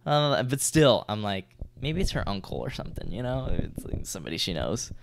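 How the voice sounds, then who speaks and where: A man's voice: on the low side, sing-song, brisk, creaky, dry recording. Young man telling a gym story. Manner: loose, slangy storytelling, lots of swearing and "like". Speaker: podcast co-host. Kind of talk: casual storytelling chat.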